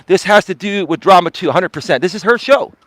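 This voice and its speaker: A man's voice: high voice, animated, fairly quick, fairly bright tone, no echo. A man, a life coach hosting his livestream, ranting confrontationally outdoors on a walk, repeating himself and swearing. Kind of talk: heated livestream rant.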